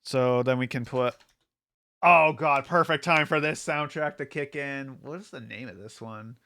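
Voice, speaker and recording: A man's voice: mid-range voice, a little slow, bright, forceful tone. A man streaming casually, rambling with lots of fillers and frequent laughter, hyped up from an energy drink. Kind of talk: casual livestream chat.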